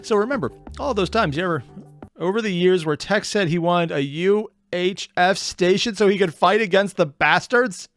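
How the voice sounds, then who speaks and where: A man hosting a reaction video, sarcastic and excitable, swearing freely. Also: high-pitched, moderate pace, dry recording, soft background music. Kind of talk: reaction commentary.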